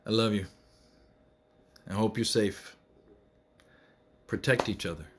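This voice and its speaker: Man, vlogger, slow deliberate delivery, impassioned political monologue, repetitive emphasis. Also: on the low side, noisy background. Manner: earnest, emphatic, repetitive rallying speech.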